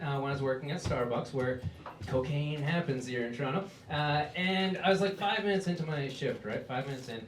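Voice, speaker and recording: A young man doing a stand-up comedy set in a club, self-deprecating and animated, with sudden loud shouts. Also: fairly high pitch, a little fast. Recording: echoey club room, mic at a distance, audible noise.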